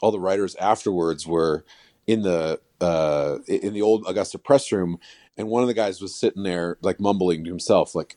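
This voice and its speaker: A man's voice: low-pitched, moderate pace, dark tone, no room sound, clean studio sound. A man appearing as a sportswriter guest on a podcast, rambling and self-mocking in casual chat.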